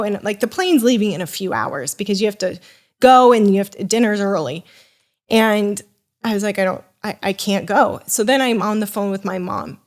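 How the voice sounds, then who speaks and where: A young woman tells a personal story as a podcast guest, talking in a loose, animated way. She circles back and restarts her sentences often, and she slips into quick voices for the people she quotes. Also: mid-range voice. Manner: animated, rambling with many restarts and fillers. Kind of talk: casual storytelling.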